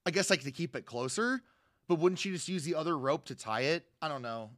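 A young man talks through a movie plot in a loose, rambling way, now and then acting out the characters' lines. His voice sits a little high. The sound is dry and close to the mic. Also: lively intonation, brisk, fairly bright tone, dry recording. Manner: rambling, acts out quotes with raised voice. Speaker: podcast co-host. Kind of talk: casual chat recapping a movie.

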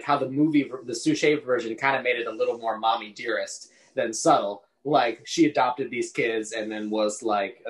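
A man's voice: medium pitch, rough recording. Chatty man discussing a mystery novel. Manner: animated, acts out quotes in character voices. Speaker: podcast co-host. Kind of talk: casual book discussion.

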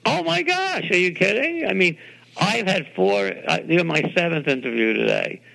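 An older man from New York City, a television producer being interviewed, telling animated anecdotes and acting out the voices of people he quotes. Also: high voice, normal speed, gravelly, rough recording. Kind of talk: interview storytelling.

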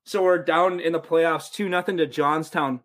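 This young American man sits somewhere in the upper middle of the male range as he spins loose, profane hockey stories. He keeps his telling casual and jumps into lively quoted voices for coaches and teammates. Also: fairly high pitch, moderate pace. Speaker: podcast guest, pro hockey player. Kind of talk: casual storytelling.

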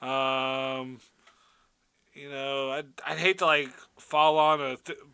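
Male podcast co-host, very bright and giggly, loose chatter, dry close sound. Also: mid-range voice, slow, vocal fry, smooth, no room sound. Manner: animated, giggly, lots of "like". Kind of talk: casual chat.

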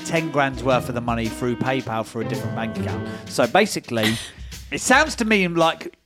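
A man's voice: medium pitch, expressive, a little fast, music in the background. A man co-hosting a casual podcast, teasing and laughing as he poses silly scenarios. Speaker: podcast co-host.

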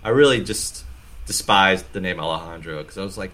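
A man's voice: sits low, fairly bright tone. A man hosting a casual comedy podcast, telling stories and acting out quoted lines. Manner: storytelling, quick to act out quotes. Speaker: podcast host.

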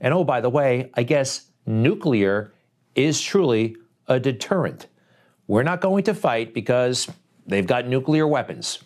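A man hosting opinion commentary, emphatic and scornful, firing off rhetorical questions. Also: mid-range voice. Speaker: commentary host.

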